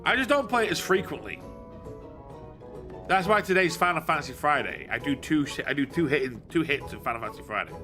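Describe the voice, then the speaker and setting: A man's voice: fairly high pitch, animated, a little fast, music in the background. A man live-streaming a game, joking and rambling as he plays. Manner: jokey, rambling, self-correcting. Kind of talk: casual live-stream gaming commentary.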